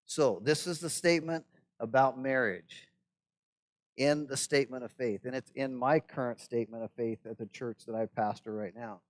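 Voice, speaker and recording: A man's voice: mid-range voice, normal speed. A man, a pastor, lecturing a class on church administration in a conversational way, often checking in with "right?" and adding wry asides.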